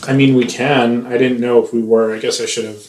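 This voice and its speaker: A man's voice: mid-range voice, flat delivery, fairly quick, darkish tone, distant mic. Sarcastic, teasing man, echoey room. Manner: sarcastic, teasing, swears freely. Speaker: podcast co-host. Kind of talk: casual chat. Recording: roomy echo.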